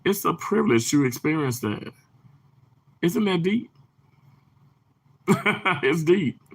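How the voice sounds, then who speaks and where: Southern male livestream host, lively swooping delivery, bubbly and quick to laugh. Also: a little high, slightly rough. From Mississippi. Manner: bubbly, laughs often, bursts into exclamations. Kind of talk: casual chat reading viewer comments.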